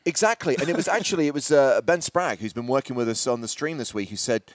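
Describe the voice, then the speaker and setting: A man with a middle-pitched voice chats as podcast co-host, measured and wry in how he tells things. His voice sits dry and close to the mic. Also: dry recording. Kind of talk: casual chat.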